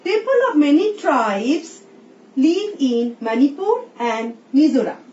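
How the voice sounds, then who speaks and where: A woman teacher with an Indian English accent, slowly explaining a recorded English lesson and reading example sentences aloud. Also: high voice, sing-song, darkish tone. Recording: roomy, distant, dull sound with faint hiss.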